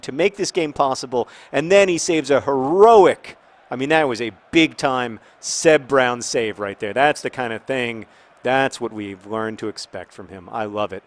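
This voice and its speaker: A man in his thirties talking casually and rambling with many restarts while he plays a football video game, now and then breaking into excited outcries at the match. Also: on the high side. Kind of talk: casual gameplay talk while discussing a topic.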